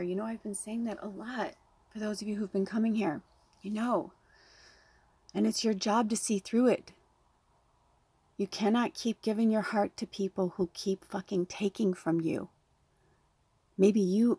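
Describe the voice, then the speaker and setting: Woman medium, 30s, earnest and blunt, gravelly husky voice, dry close sound. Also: mid-range voice, warm tone, no echo. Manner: earnest, heartfelt, blunt with swearing. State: close to tears. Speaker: spiritual medium. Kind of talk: emotional direct-to-camera talk.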